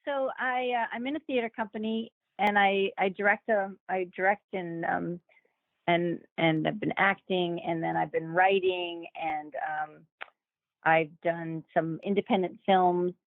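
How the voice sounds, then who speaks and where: A woman's voice: on the low side, a little slow, dry recording. A woman actor telling a story in a casual interview, acting out the people she quotes and laughing now and then. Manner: animated, acts out quoted voices with laughs. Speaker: guest actor. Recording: dry, phone-like remote call audio.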